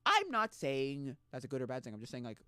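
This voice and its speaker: A man streaming a casual chat, rambling and halting with restarts, often mocking the people he talks about in put-on voices. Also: medium pitch, wildly swooping pitch, pushed and bright, clean tone, no echo, studio quality.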